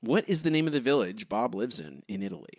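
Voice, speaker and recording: A man co-hosting a casual podcast and running a trivia quiz, teasing his partner with quick asides. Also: medium pitch, sing-song, darkish tone, no room sound, clean studio sound. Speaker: podcast co-host and quiz master.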